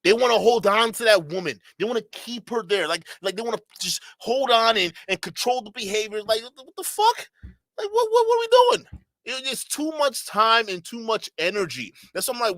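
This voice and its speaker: A man's voice: extremely high pitch, big pitch swings, fairly quick, a bit bright, dry recording, studio quality. A man giving a blunt, profane reaction commentary, with mocking asides and bursts of laughter. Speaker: streamer commentator.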